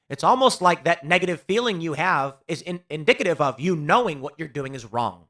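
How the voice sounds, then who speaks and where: A man's voice: on the high side, lively intonation, fairly quick, hardly any pauses, a bit bright. A man hosting a political commentary show, delivering a sarcastic opinion monologue that mocks quoted critics. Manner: sarcastic, mocking, with quoted voices.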